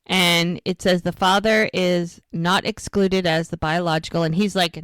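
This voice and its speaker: Her voice sits on the low side and is smooth, with a moderate pace, few pauses and no room sound. She's a podcast co-host casually running through a TV episode, retelling it with energy and acting out what the characters say.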